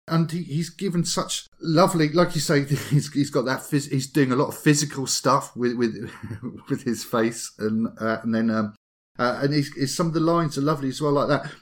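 A man on a podcast, enthusiastic in casual chat, halting and laughing easily. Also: medium pitch.

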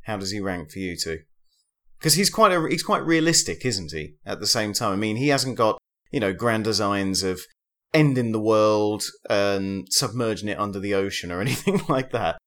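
Host guy, lowish voice, chatty, keeps the talk moving. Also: animated, moderate pace, fairly bright tone. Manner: chatty, laughs between points, asks co-hosts questions. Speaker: podcast host. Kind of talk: casual chat.

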